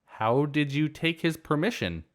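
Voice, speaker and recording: A man's voice: a little high, sing-song, a little slow, voice pushed up. A man voicing a stern, exasperated woman homeowner in a story reading. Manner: firm, exasperated.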